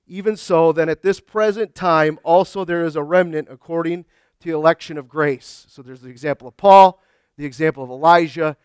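Man, pastor, earnest sermon, emphatic, high voice, dry recording. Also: clear, resonant tone, no room sound. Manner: earnest preaching with frequent restarts and rising emphasis. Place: church sanctuary.

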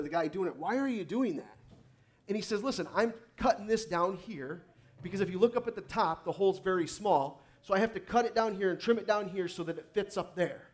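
A male preacher delivering a sermon in church, his voice sitting a little high for a man. He tells stories, reads scripture slowly and pushes his listeners with emphatic, rising calls to praise. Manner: emphatic, rising to loud exhortation.

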